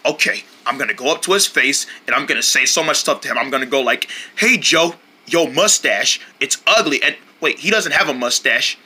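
A man's voice: mid-range voice, animated, fairly quick, bright, forceful tone, slightly rough, exaggerated voice. A man voicing a boastful, clumsy young male reindeer who mutters while plotting, in casual slang. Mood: scheming.

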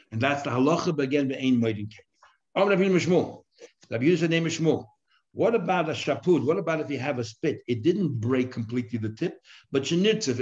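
A man's voice: medium pitch, a little mellow. Man, rabbi, daily Talmud class, reads Aramaic then explains in English, lo-fi sound.

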